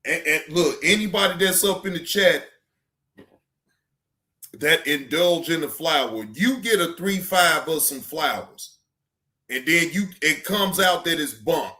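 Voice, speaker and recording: Man, livestream host, slow and loose, slangy, cursing, bright tense voice, echoey room. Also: on the high side, expressive. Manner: loose, rambling, slangy and profane, addresses the chat. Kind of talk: casual livestream chat.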